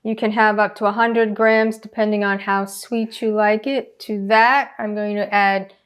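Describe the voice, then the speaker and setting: A woman's voice: medium pitch, little pitch movement, unhurried, smooth. A woman hosting a casual home cooking demonstration, chatting and explaining each step as she works. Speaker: cooking channel host.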